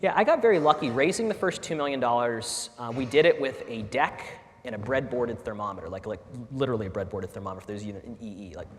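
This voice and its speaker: Talking quickly and barely pausing, this middle-aged man, a startup founder, gives an earnest, animated fireside-chat talk, frequently restarting and filling gaps. His voice is medium in pitch, with a little hiss or hum on the recording. He addresses an audience in a large, echoey lecture hall with faint ambience.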